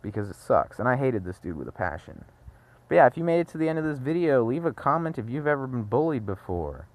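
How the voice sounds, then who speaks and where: A young man recounts an old school story in a casual vlog. He rambles, backtracks to correct details and breaks off for quick jokey asides. His voice sits at an ordinary male pitch. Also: very animated. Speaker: vlogger.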